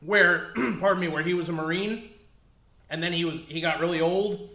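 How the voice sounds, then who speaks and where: Bright-voiced podcast co-host in echoey room. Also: male voice, sits high, moderate pace. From United States. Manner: animated storyteller, playful, swears. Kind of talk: casual chat.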